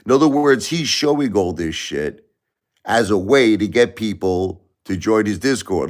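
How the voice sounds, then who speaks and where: Male live streamer, very low voice, rambling casual chatter at home. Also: lively intonation, moderate pace. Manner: rambling, repeats himself, talks to chat by name. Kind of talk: casual late-night live stream chat. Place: home at night, family asleep.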